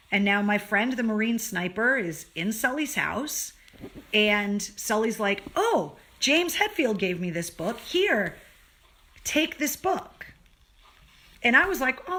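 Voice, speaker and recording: A woman hosting a casual livestream, telling a story with lively acted-out dialogue that rises to excited, loud outbursts. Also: medium pitch. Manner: animated, acts out dialogue, gets loud and excited. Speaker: host. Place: home, on a live stream.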